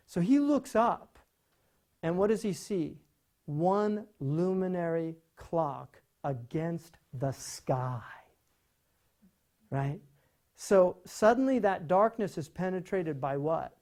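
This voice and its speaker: Male lecturer, warm mellow tone, conversational, keeps checking in with rhetorical questions. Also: high-pitched, creaky. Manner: rhetorical questions, frequent "right?"; animated, conversational teaching. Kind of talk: lecture on poetry.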